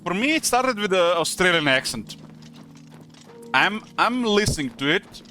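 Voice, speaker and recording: A man's voice: sits high, sing-song, unhurried, pushed and bright, faint music behind. A man from Croatia with a Croatian accent, speaking English as a second language, chatting casually on a live stream and rambling with lots of hesitant fillers. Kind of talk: casual chat while gaming.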